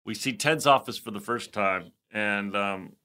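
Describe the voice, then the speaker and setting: Bright man co-hosting a chatty podcast. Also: on the low side, unhurried, smooth. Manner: storytelling, acts out scenes, restarts when moved. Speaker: podcast co-host. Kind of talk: casual chat.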